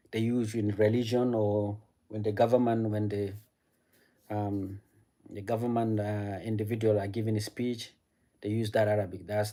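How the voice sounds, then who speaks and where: With a fairly low, mellow voice, a French-speaking streamer from an African country chats casually with his live audience, answering chat. French is his first language, and he frequently restarts sentences and repeats words.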